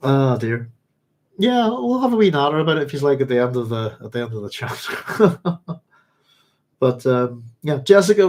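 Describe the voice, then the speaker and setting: A man's voice: medium pitch, very animated, unhurried, pauses often. A man hosting a book club stream, reading passages aloud and rambling between them with frequent chuckles. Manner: rambling and chatty, chuckles often. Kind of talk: casual livestream book chat with reading aloud.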